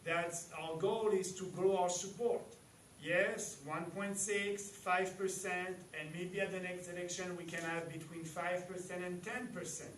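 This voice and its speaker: A man with a French accent and French as his first language, giving a halting rally speech as a party leader with many pauses and emphatic rises. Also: high-pitched, flat delivery, a bit bright. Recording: echoey hall, distant mic, faint noise.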